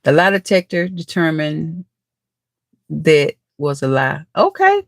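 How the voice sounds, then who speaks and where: This woman's voice sits low and creaky, and she speaks slowly, with studio-quality sound and no room noise. Hosting a live stream, she reads comments aloud, teases her viewers, and laughs a lot, addressing them as "baby" and "nephew" in a chatty, casual way.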